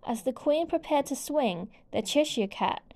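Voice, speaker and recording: A woman reading a children's storybook aloud as narrator, gentle and clear. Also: high-pitched, expressive, unhurried.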